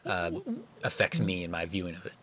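A man co-hosting a casual podcast, speaking in a deliberate, measured way and laughing easily. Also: sits low, little pitch movement, sharp tone, no echo. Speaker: podcast co-host.

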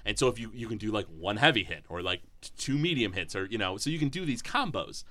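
A man's voice: fairly low pitch, animated, quick pace, pushed and bright. A man co-hosting a casual podcast, talking enthusiastically and rambling with lots of fillers. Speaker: podcast co-host.

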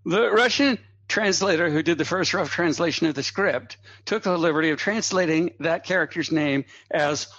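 Lively storytelling man, muffled dry sound. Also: fairly high pitch, normal speed, few pauses, no room sound. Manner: lively raconteur with asides and chuckles. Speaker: guest comedy writer. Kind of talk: anecdotal storytelling in a podcast interview. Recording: dull, slightly lo-fi dry audio.

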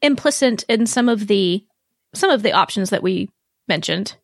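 A woman's voice: mid-range voice, animated, normal speed, vocal fry, dry recording, clean studio sound. A woman co-hosting a podcast in casual chat, weighing theories and qualifying her points. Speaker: podcast co-host.

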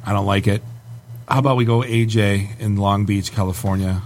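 A man from Canada hosting a casual comedy chat, reading online reviews aloud with wry, deadpan asides. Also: fairly low pitch, moderate pace, a little hiss or hum. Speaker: podcast host.

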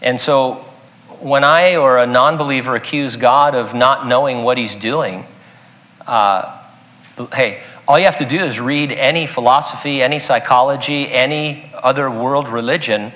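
A man's voice: medium pitch, moderate pace, a bit bright. A man preaching a sermon in a conversational, emphatic way with joking asides. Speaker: pastor.

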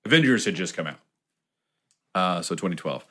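A man with a fairly low voice tells a story in casual chat. He jumps way up in pitch when he acts out the people in it, then drops back to his easy narrating tone. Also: moderate pace. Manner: animated storyteller, acts out quotes in a much higher voice.

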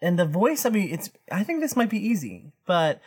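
Co-host, woman, low and husky, animated delivery. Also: brisk. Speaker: podcast co-host. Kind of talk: casual podcast chat.

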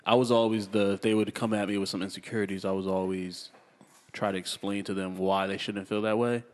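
A man co-hosting a casual podcast, laid-back and quick to agree with "yeah" and "yep". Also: fairly low pitch, little pitch movement, long reverb tail. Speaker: podcast co-host. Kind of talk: casual chat.

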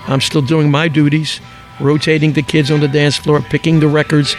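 Older philly guy, fast storyteller, slightly high voice, soft music behind. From Philadelphia. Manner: lively raconteur, acts out quotes, rattles off names. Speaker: guest. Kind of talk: anecdotal storytelling in an interview.

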